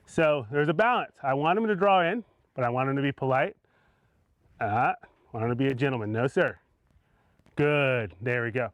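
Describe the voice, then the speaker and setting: A man, a horse trainer, explaining what he is doing as he works a horse with a rope, calm and coaxing, with soft words of praise between steps. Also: mid-range voice, moderate pace, pauses often, dry recording. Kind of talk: instructional demonstration.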